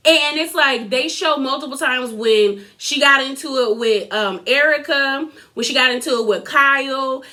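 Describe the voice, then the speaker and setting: Chatty, bright-voiced young woman. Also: high voice, normal speed, few pauses. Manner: chatty, lots of filler "like", quotes people in a put-on voice. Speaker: reality TV recap vlogger. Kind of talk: casual recap chat.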